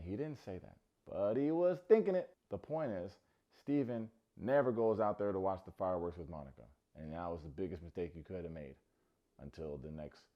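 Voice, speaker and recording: A man hosts a comedic recap of a TV show, tossing out sarcastic jokes and teasing asides. His voice sits fairly low, and the recording sounds a little dull and lo-fi. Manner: playful, sarcastic, jokey asides. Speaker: recap host.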